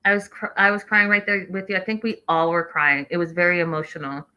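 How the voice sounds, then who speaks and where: A woman in her thirties hosts a casual live recap, chatting through the episode and answering viewers in the chat. Her voice sits a bit low but sounds bright and forward. She keeps an easy, conversational flow. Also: flat delivery, brisk, smooth, dull audio. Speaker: host of a reality TV recap show.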